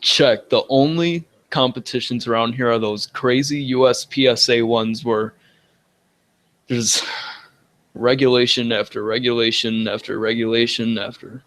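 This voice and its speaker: A man's voice: mid-range voice, fairly even intonation, measured pace, fairly bright tone. A young man chatting casually in a voice chat, laughing often as he talks.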